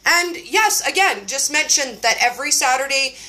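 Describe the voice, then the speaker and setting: Bubbly high-voiced woman. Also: expressive, pushed and bright. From Canada. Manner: bubbly, effusive, quick to laugh. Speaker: host. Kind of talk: casual live-stream chat. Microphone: phone livestream.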